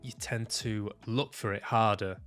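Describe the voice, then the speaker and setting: A man vlogging about his own experience, reflective and halting, often restarting his sentences and swearing casually. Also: on the low side, fairly even intonation, fairly bright tone, faint music behind. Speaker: vlogger sharing personal experience. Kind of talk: reflective personal vlog monologue.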